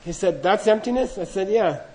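A man's voice: high voice, lively intonation, brisk, a little mellow, rough recording. A middle-aged man telling a humorous, self-deprecating story to an audience in a loose, anecdotal way, acting out the dialogue. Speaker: speaker recounting monastery training.

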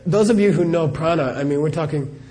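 In a live Q&A, this middle-aged man, a Buddhist teacher, talks fairly quickly in a warm voice on the high side. He tells stories chattily, laughing frequently and leaning on "you know."

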